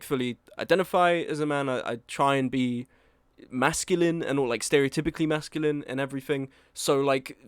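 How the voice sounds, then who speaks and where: A man's voice: medium pitch, fairly bright tone, no room sound. A man in his early twenties, an author talking casually and candidly about a review of his book, rambling and losing his train of thought. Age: early 20s. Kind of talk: casual reaction commentary.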